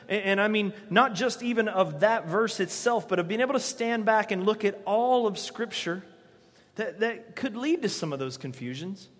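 Man, pastor, sermon, high voice, animated delivery, echoing church hall. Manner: animated, acts out quoted voices loudly.

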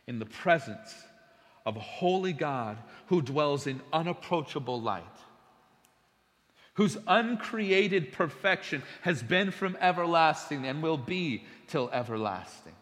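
A man preaching a sermon, telling stories with big swings between hushed, slow passages and loud bursts. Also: a little high, lively intonation, in a large hall.

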